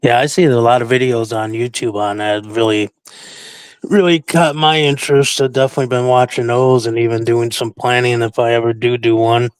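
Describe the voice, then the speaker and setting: Male stream guest, smooth clear voice, dry sound, laid-back conversational delivery. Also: mid-range voice, flat delivery, fairly quick, no room sound. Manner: easygoing, conversational. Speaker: livestream guest. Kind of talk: casual chat.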